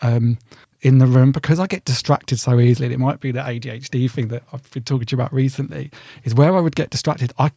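A man's voice: medium pitch, steady tone, fast talker, gravelly, mellow, husky, no room sound, studio quality. A young man co-hosting a podcast in casual, rambling chat, easily sidetracked. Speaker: podcast co-host.

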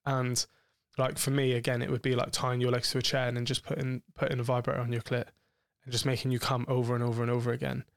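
A man's voice: mid-range voice, completely flat delivery, fast, vocal fry, no echo, studio quality. A man, co-hosting a podcast, talking frankly and explicitly about sex in a rambling way with many fillers. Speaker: podcast co-host.

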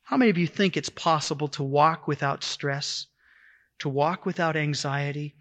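A man's voice: fairly high pitch, normal speed, fairly bright tone. A middle-aged man preaching a sermon in a conversational way, retelling stories with quoted dialogue.

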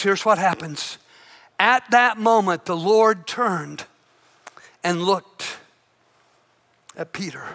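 A man preaching a sermon, telling a story dramatically and dropping to a hushed intensity at its peaks. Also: high-pitched. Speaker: pastor.

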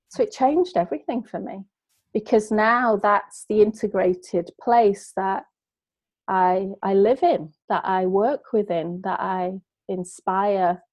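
A woman's voice: medium pitch, a little mellow, no room sound. A middle-aged woman, a guest who tells a personal story in an earnest, heartfelt way. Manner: earnest, heartfelt, emotional retelling. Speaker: guest, business coach.

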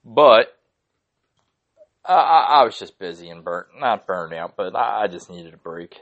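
A young man hosting his own podcast, ranting casually in an excitable, profane, rambling way. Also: low-pitched, measured pace, lo-fi sound. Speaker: podcast host. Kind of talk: casual solo podcast rant.

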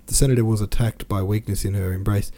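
A man reading a classic novel aloud for a podcast, with quick asides of his own between passages. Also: on the low side, steady tone, mellow. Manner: reads with quoted dialogue and brief asides. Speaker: podcast reader.

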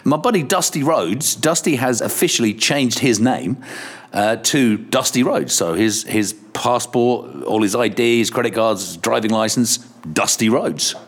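A man's voice: medium pitch, measured pace, slightly rough. A middle-aged man, a radio presenter, telling anecdotes in a casual interview, swearing freely and laughing often. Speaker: radio presenter, podcast guest.

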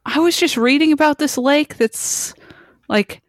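A woman's voice: high-pitched, a little slow, no echo, clean studio sound. A woman co-hosting a comedy podcast, making wry remarks. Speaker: co-host. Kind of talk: casual comedic chat.

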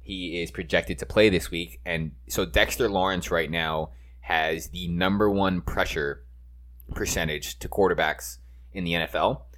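A man with a very low, deep voice, chatting casually about football picks. He rambles and swears freely, with the enthusiasm of a fan. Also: steady tone, measured pace, fairly bright tone. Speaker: podcast co-host. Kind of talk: casual sports chat.

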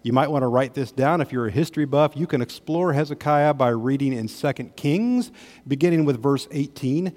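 A man's voice: medium pitch, moderate pace, a little mellow. A man preaching a sermon to his congregation in a conversational way, with varied emphasis and asides to the listeners. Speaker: pastor. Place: church sanctuary. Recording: long hall reverb.

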